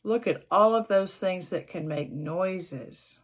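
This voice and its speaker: A woman reading a children's picture book aloud in an expressive storyteller's way, imitating the animal sounds. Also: lowish voice, takes it slowly.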